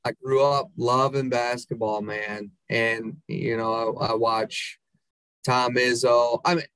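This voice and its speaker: A man's voice: medium pitch, little pitch movement, slow pace, a bit bright, clear, resonant tone, dry recording. A man in his forties from the United States, a podcast guest in casual chat, easygoing and enthusiastic. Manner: easygoing and enthusiastic, calls people dude and bro.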